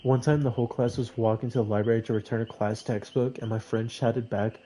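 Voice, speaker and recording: Young guy rambling through a funny story, mellow warm tone, keeps laughing and squeaking up high. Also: fairly quick, few pauses. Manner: animated, laughing, with high squeaky acted outbursts. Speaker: streamer. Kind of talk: casual storytelling.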